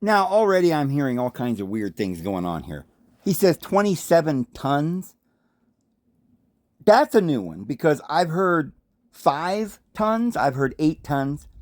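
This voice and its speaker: Brief: American male host, solo commentary, emphatic and questioning, slightly high voice, dry close sound. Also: very animated, a little slow, no room sound. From United States. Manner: emphatic, rhetorical questions, conspiratorial asides. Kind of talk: commentary monologue.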